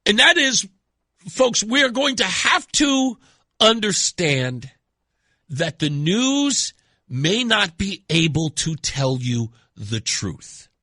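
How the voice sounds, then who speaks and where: A man's voice: high-pitched, sing-song, slow, sharp tone, no room sound, studio quality. A man hosting a radio talk show, delivering an emphatic monologue and repeating words for effect.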